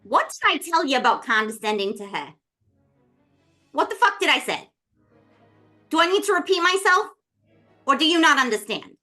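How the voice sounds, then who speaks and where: A woman's voice: on the high side, very animated, a little fast, hardly any pauses, sharp tone, soft background music, full character voice. Woman playing a hot-tempered protective hero. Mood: angry. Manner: confrontational, swearing.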